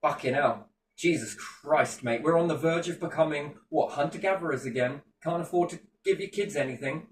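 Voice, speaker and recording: A man's voice: on the high side, moderate pace, a little hiss or hum. A British man talking in passionate, sweary rants during a casual chat. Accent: British English. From Britain. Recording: echoey room, distant mic, faint ambience.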